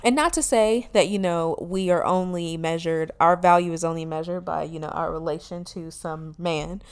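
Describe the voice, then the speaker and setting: Sassy, smooth-voiced woman podcast host. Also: on the low side, normal speed. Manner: animated, sassy, swears freely. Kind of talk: casual comedic monologue.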